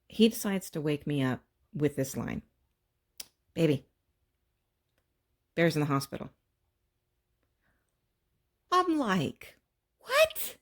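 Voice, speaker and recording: A middle-aged woman from Texas talks casually to her viewers while working on a craft project at home. Her voice sits low and has a gravelly edge. She tells family stories at length and jumps her voice up to play out each person's lines. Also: a little mellow. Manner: chatty storyteller, acts out family dialogue with raised voice. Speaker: crafting channel host.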